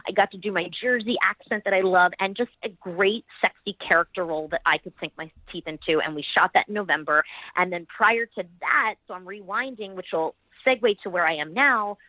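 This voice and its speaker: A woman's voice: mid-range voice, fairly quick, pushed and bright, dry recording, rough recording. A middle-aged woman, an actress and producer, talking about her projects in a podcast interview in an enthusiastic, rambling way, full of praise for her colleagues.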